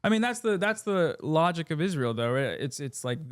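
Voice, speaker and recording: A man's voice: a little high, very animated, moderate pace, hardly any pauses, no echo, studio quality. A man chatting casually on a stream in a laid-back way. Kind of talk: casual chat.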